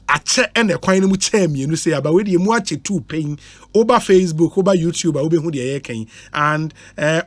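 A man's voice: fairly high pitch, no echo. A Ghanaian man hosting a radio talk show, mixing Twi and English and reading out listener messages. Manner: reads out listener messages, animated and laughing. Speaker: radio host. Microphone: studio microphone.

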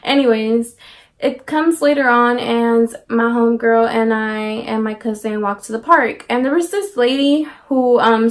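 A young woman tells her followers a story in a casual, slangy way. She drops in lively asides, and her voice sits a little high. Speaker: vlogger. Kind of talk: storytime vlog.

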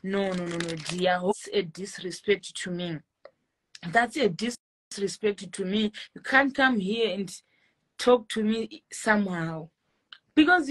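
A young woman with a Zimbabwean accent chatting casually on a live stream, reading viewer comments and giving a loud, self-assured pep talk that mixes English and Shona. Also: mid-range voice, slight background noise, low-quality recording. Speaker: social media personality doing a live stream.

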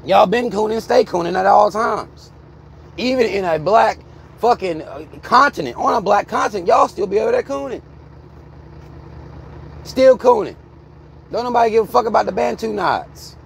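A man's voice: high voice, lively intonation, normal speed, gravelly, long pauses, slight background noise. Blunt swearing American man ranting. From United States. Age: 30s. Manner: heated, blunt, swearing freely. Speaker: vlogger. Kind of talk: profane ranting commentary. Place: inside a car.

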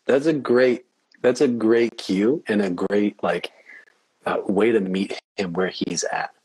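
Male interview guest, deep and raspy, thoughtful and candid, chuckles often. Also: fairly even intonation, slow pace, darkish tone, dry recording, poor audio. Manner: earnest, reflective, laughs easily. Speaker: podcast guest. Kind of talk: casual interview chat.

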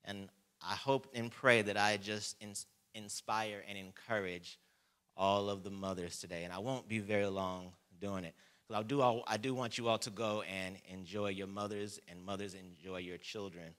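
A man preaching a sermon as pastor, reading scripture with slow emphasis and calling on the congregation to repeat words. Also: on the low side, fairly even intonation, a bit bright.

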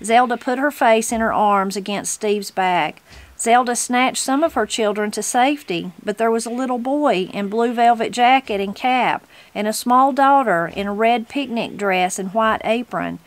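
A woman from Southern Appalachia reading a novel aloud in an unhurried way, gently voicing the characters. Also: fairly high pitch. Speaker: reader of a book.

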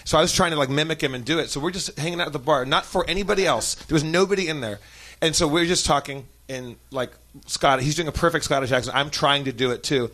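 An American man telling a long comic story on a podcast, animated and profane, often laughing as he talks. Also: on the high side, fast talker. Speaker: podcast guest. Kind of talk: comedic storytelling.

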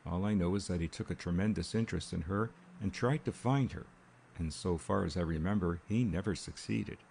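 A man reading the lines of a cheerful, easygoing young gentleman in a light, breezy manner. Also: low-pitched, fairly quick, gravelly, a little hiss or hum.

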